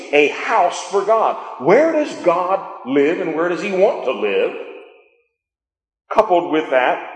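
A man preaching a sermon in a church sanctuary, emphatic, repeating key phrases and asking his congregation questions. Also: a little high. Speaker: pastor. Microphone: sound system mic. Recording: echoey church hall, long reverb.

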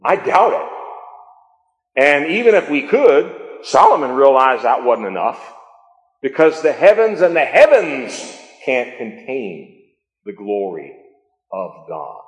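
A man's voice: mid-range voice, big pitch swings, slow pace. A man preaching a sermon in a church sanctuary, emphatic, repeating key phrases and asking his congregation questions. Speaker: pastor. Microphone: sound system mic. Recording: echoey church hall, long reverb.

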